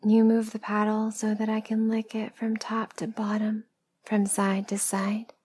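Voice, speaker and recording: A woman narrating a first-person story as a whispered role-play, in a slow, hushed storytelling manner. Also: mid-range voice, monotone, slight background noise. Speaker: erotic audio narrator.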